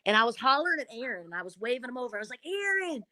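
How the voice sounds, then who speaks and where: A former reality show contestant, a woman with a Southern Kentucky accent, tells stories as a guest in a casual interview. Her voice is a little high and rapid-fire with no echo, and she's an animated, dramatic storyteller full of folksy phrasing.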